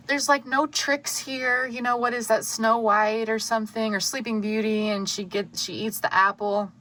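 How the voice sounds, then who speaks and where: A woman giving an intuitive tarot reading to camera, earnest and soft-spoken, with many pauses and fillers. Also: medium pitch. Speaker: tarot reader.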